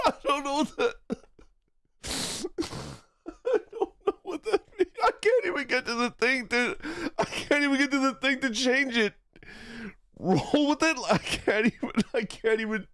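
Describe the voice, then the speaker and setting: A man's voice: very high voice, lively intonation, unhurried, a bit bright, clear, resonant tone, no room sound, studio quality. A man streaming a game, laughing a lot and getting flustered as he struggles to read German menus. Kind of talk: casual gameplay livestream.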